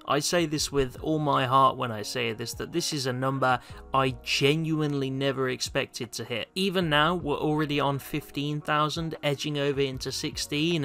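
A man hosting a gaming channel, giving a sincere thank-you to viewers. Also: a little high. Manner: heartfelt thank-you intro, then loud angry outbursts in play. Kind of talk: casual gaming commentary.

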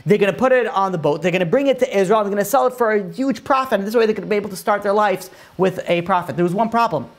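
A man's voice: high-pitched, quick pace, hardly any pauses. A man, a rabbi, telling stories in a Torah class, conversational with frequent fillers and restarts, lifting his voice when he quotes characters. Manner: animated storyteller who raises his voice for quoted characters.

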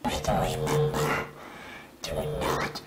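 A man voicing an ominous male caller who speaks in a slow, deep, eerie drawl. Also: fairly even intonation, over loud music, full character voice.

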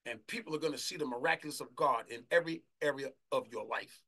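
Fervent preacher with a bright, tense voice. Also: male voice, a little high, expressive. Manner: fervent, shouting bursts, drawn-out scripture reading. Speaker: apostle preaching. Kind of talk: sermon.

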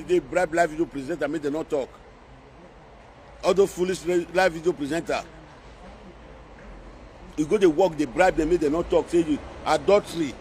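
A man's voice: a little high, darkish tone, a little hiss or hum. A man speaking Nigerian Pidgin English, scolding and mocking in a repetitive social media rant. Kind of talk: scolding live-video rant.

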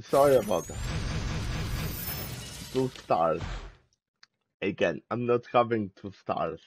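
A man's voice: fairly low pitch, expressive, slow, noisy background. A man giving chatty let's play commentary, grumbling about his scores. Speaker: gamer. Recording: loud game music underneath.

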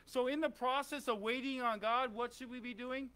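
A pastor with a very high, sharp but smooth voice preaches a conversational sermon in church at a normal speed. He often puts questions to the congregation and says "amen."

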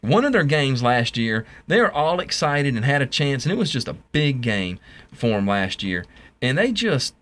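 A man with a Southern US accent co-hosting a casual sports talk show, excitable and often trailing off to restart his thought. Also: medium pitch, normal speed.

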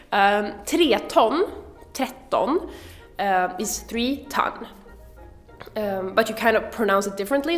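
A woman's voice: medium pitch, a bit bright. A Swedish woman with a Swedish accent, a native Swedish speaker, giving a casual video lesson and thinking aloud as she counts. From Sweden. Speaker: language teacher vlogger.

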